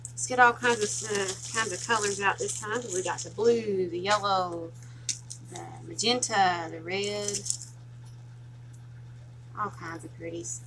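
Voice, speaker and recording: A woman's voice: mid-range voice, steady tone, measured pace, long pauses, background noise. A woman from Tennessee with a strong Southern twang, chatting casually and laughing often while she walks viewers through a craft project. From Tennessee, USA. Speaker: craft tutorial host.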